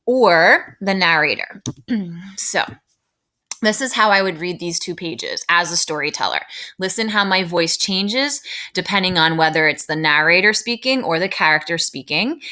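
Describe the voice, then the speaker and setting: A woman teacher giving a recorded reading lesson for children, explaining slowly and checking in with tag questions. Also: on the low side, pushed and bright. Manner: slow, deliberate explaining, frequent tag questions.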